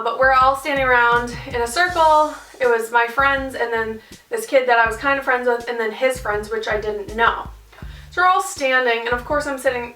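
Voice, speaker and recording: A young woman telling a casual storytime vlog, animated and full of swearing and fillers. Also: high voice, recorded from a distance. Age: young adult. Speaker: vlogger. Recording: roomy sound, off-mic.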